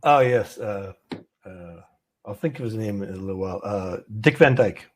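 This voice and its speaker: A man's voice: lowish voice, expressive, normal speed. A man hosting a live trading stream from an office, chatty and rambling with many fillers and easy laughs. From Canada. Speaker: host of a live trading show. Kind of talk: casual livestream chat.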